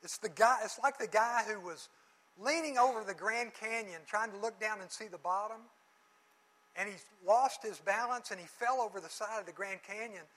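A middle-aged man teaching a Bible lesson, telling lively stories with voices and jokes, closing in prayer. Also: high voice, moderate pace, low-quality recording.

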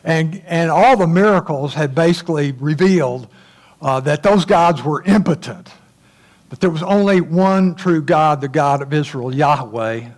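A man's voice: a little high, moderate pace, a little mellow. A man giving a casual, folksy Bible lesson, chatty and full of fillers. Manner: folksy, chatty, many uh fillers, chuckles at his own asides. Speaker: Bible teacher.

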